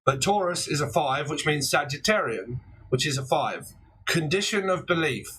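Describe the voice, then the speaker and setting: A man in his forties gives a chatty tarot reading on a livestream, laughing often and bursting into theatrical quoted outbursts. His fairly high voice is animated, bright, forceful and slightly rough at a normal pace. The recording quality is low.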